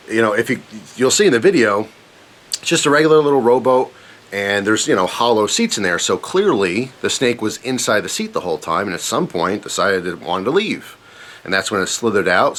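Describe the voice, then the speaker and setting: A man casually telling a personal story on his channel, animated and self-mocking, rambling with fillers. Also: fairly low pitch. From Pennsylvania, USA.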